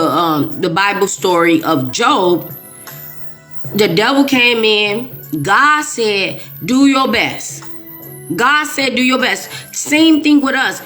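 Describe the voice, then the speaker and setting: A woman video creator with a mid-range, fairly bright voice speaks directly to her viewers in a casual monologue. She's emphatic, repeats herself often, and restarts frequently.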